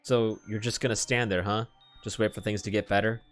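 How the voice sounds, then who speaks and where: A man voicing a computer program imitating a gruff, taunting male biker student. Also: lowish voice, level tone, a little fast, soft background music, lightly acted.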